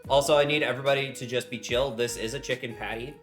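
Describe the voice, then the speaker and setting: A man's voice: medium pitch, fairly even intonation, fast talker, over music. A young man streaming casually from his home kitchen while he bakes, rambling cheerfully and greeting his chat with strings of hellos.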